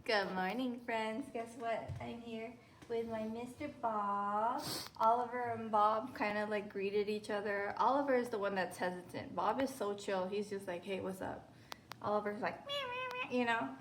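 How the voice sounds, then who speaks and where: A woman's voice: mid-range voice, steady tone, normal speed, a little hiss or hum. A woman in her thirties chatting casually and gushing through a lifestyle vlog. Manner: bubbly and chatty, gushing exclamations. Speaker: lifestyle vlogger.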